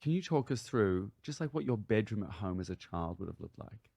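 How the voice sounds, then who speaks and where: A man's voice: fairly low pitch, lively intonation, fairly quick, creaky, dark tone. Male podcast host with dry teasing humour. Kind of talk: casual podcast chat.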